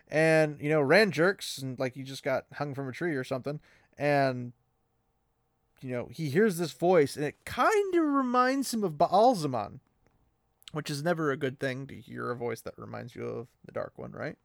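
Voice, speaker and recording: A man hosting a casual podcast, recapping a book with animated energy and frequent laughs, close to the mic. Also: mid-range voice, moderate pace, gravelly, dry recording. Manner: animated, laughing often, playful. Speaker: podcast host.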